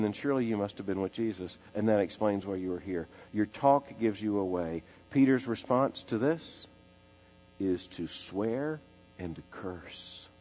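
A man preaching an expository sermon, emphatic, repeating phrases and slowing down to give them weight. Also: on the low side, darkish tone. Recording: dull lo-fi sound in a large reverberant hall with faint music.

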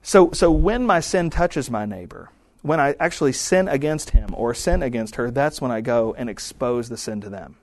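A man's voice: mid-range voice, expressive, moderate pace, a little mellow, no room sound. A married man preaching a sermon in a conversational style, often acting out quoted prayers and remarks. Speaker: pastor.

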